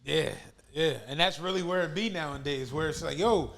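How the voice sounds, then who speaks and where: A man's voice: fairly high pitch, normal speed, fairly bright tone. A man co-hosting a podcast, chatting in a laid-back, profane way and putting on the voices of people in his stories. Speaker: podcast co-host. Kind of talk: casual chat.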